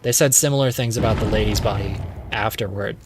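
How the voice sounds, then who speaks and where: A man's voice: on the low side, a little fast, background noise. Rambling, playful male streamer. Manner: rambling, playful retelling with many fillers. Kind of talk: casual gameplay commentary.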